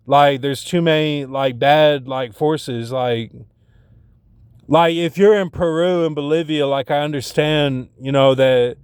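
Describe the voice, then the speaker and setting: A man's voice: medium pitch, smooth, dry recording, studio quality. A man talking in a rambling personal monologue, packed with fillers and restarts, getting agitated when he retells arguments.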